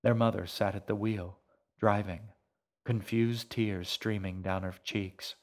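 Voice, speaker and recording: A man narrating an audiobook in a measured, hushed storytelling manner. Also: lowish voice, fairly even intonation. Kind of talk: scripted narration.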